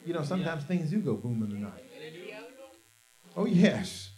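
A male preacher with a strikingly high voice gives a very animated storytelling sermon at normal speed. Quiet, low phrases give way to loud shouted lines, and he guides the congregation to echo his words back.

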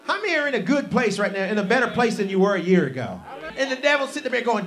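A man tells a story as he preaches, fast and with big pitch swings. He moves from low, hushed lines to loud, shouted outbursts and draws the congregation into call-and-response.

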